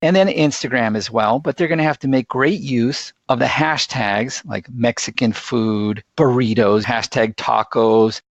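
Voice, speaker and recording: Gravelly man, middle pitch, earnest interview guest, dull lo-fi dry sound. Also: unhurried, few pauses, no echo. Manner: earnest, anecdotal, enthusiastic. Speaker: guest, live streaming expert. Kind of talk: conversational interview storytelling.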